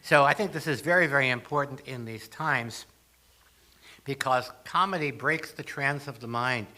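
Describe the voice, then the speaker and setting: An older man speaks as a guest at a spiritual gathering, giving a humorous talk to the congregation full of jokes, stories and acted asides. His medium-pitched voice has a sharp tone at normal speed.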